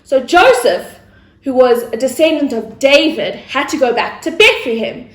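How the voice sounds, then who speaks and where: A woman tells a story to children, playful and chatty, with asides. Her voice is high and lively, and she takes her time. The room gives a roomy echo. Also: moderate pace. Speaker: children's church presenter.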